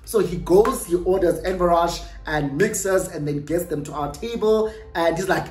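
A young adult YouTuber with a South African accent, telling a storytime in an animated, gossipy way and dropping in Xhosa phrases and tag questions. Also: mid-range voice, moderate pace. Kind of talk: storytime vlog. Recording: roomy echo with faint music.

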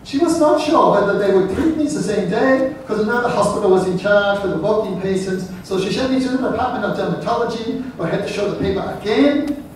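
A man's voice: high-pitched, brisk, darkish tone, lightly acted. A man voicing a Viennese man reading out his own confessional letter with a put-on Viennese accent, dry and matter-of-fact, recorded from a distance in a lecture room. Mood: wry. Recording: roomy, distant, faint noise.

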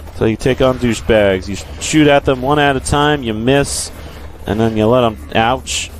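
A man's voice: mid-range voice, moderate pace, a little hiss or hum. A man giving joking, profane commentary while playing a video game, repeating his jokes. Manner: goofy, profane, repetitive. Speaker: let's play host.

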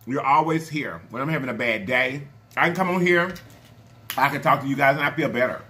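A man hosting an eating vlog who gushes with thanks to his viewers, repeating words over and over between loud appreciative murmurs over his food. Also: mid-range voice, fairly quick. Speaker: mukbang channel host. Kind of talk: casual eating vlog chat.

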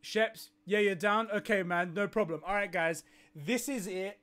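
Young bloke on a live stream, hyped, swearing, laughing, yelling. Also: male voice, high voice, unhurried. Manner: excitable, swearing, shouting and laughing in disbelief.

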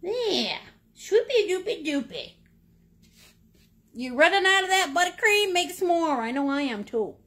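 A woman's voice: extremely high pitch, very animated, unhurried, pauses often, fairly bright tone. A middle-aged woman teaching a live paint-along class, playful and chatty, with pet names and silly sound words. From Maine, United States. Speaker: painting instructor.

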